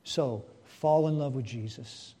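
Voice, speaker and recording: A man preaching a sermon to his congregation, asking rhetorical questions and swinging between hushed and loud delivery. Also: medium pitch, takes it slowly, breathy edge.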